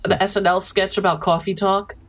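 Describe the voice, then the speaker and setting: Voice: mid-range voice, little pitch movement, brisk, fairly bright tone. A podcast co-host chatting casually, answering in short, dry remarks. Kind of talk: casual chat.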